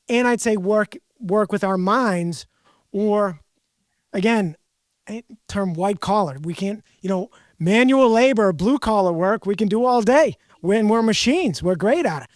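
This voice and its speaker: A man's voice: sits high, animated, a little slow, no echo, clean studio sound. A man hosting a podcast, talking candidly in a rambling, self-deprecating way. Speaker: podcast host. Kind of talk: casual podcast conversation.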